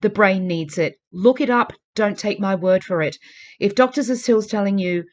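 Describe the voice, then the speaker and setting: A woman's voice: medium pitch, normal speed, muffled recording. Earnest, urging woman vlogger. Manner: earnest, urging, repeats pleas for emphasis. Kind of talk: casual talk to camera.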